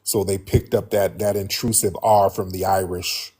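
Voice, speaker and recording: A man hosting a show, talking straight to his listeners in a blunt, animated way and often repeating himself. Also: low voice, normal speed, breathy edge. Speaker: host. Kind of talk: casual monologue to listeners.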